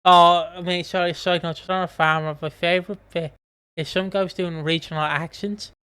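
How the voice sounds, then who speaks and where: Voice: medium pitch, steady tone, moderate pace, bright, forceful tone, smooth. Rambling podcast co-host. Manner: rambling, laughs often, swears. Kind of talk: casual chat, recapping a soap.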